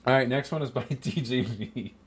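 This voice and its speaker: A young man streaming, reviewing viewer animations in casual, blunt commentary, quick to swear and laugh. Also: mid-range voice, breathy edge.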